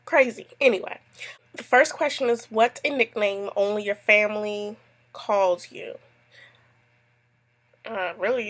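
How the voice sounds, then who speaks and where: A woman's voice: fairly high pitch, a bit bright. A woman, a mother, chatting casually to camera as she answers a tag, telling stories with lots of asides. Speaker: YouTube vlogger answering a tag.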